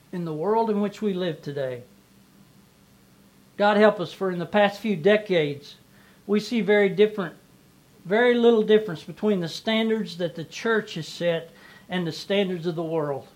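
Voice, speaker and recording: A man preaching a sermon as pastor, repeating phrases and swelling and dropping in volume. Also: sits high.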